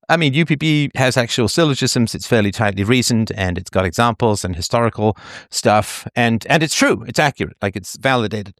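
A man's voice: fairly low pitch, fairly bright tone, no echo. Emphatic male author, dry close sound. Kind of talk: conversational interview.

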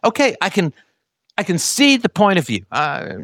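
A man giving a casual monologue, animated and argumentative, posing rhetorical questions. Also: sits high, normal speed, no echo, studio quality. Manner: animated, acts out other people's voices in quotes.

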